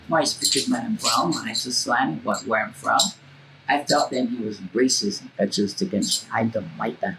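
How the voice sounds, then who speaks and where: A woman's voice: rumbling low, normal speed, vocal fry, a bit bright, slight background noise, poor audio. A woman telling stories bluntly in an interview, swearing freely and acting out the voices of the people in them. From Hawaii. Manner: acts out voices in her stories. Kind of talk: casual storytelling.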